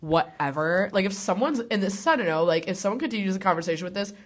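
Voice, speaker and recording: A young woman co-hosting a casual chat podcast, animated and swearing casually as she acts out quotes. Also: mid-range voice, quick pace. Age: young adult. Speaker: podcast co-host.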